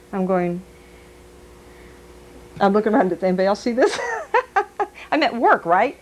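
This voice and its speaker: A woman's voice: mid-range voice, poor audio. A woman giving a live stage reading as a psychic medium, chatty and giggly, passing on messages aloud.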